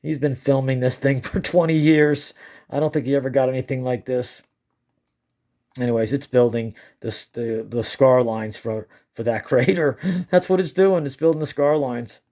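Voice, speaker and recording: A man of medium pitch talks casually over his own footage. He rambles and restarts his sentences, and he keeps breaking into giggles as he goes. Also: moderate pace, mellow. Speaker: amateur moon filmer. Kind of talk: casual excited commentary.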